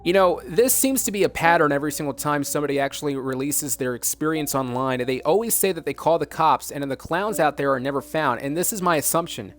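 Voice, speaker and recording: Dramatic mock-news man, raised pitch. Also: quick pace, few pauses. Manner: dramatic, emphatic, repeats words for effect. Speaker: news-style broadcaster.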